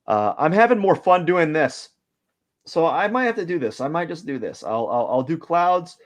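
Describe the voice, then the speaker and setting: A man's voice: fairly high pitch, big pitch swings, normal speed. A man hosting a live drawing stream, giving casual commentary as he works and thinking aloud in a rambling way, with lots of fillers.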